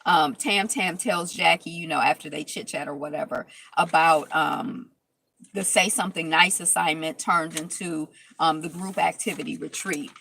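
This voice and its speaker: A woman's voice: sits low, fairly even intonation, moderate pace, vocal fry, fairly bright tone, poor audio. A woman casually recapping a reality TV episode, rambling with lots of fillers and restarts.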